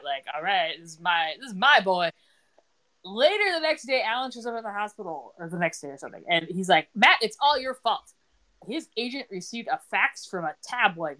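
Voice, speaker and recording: A middle-aged woman hosting a relaxed podcast, recapping a TV episode in a chatty, joking way. She moves through scenes quickly and quotes characters' lines along the way. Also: medium pitch. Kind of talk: casual chat.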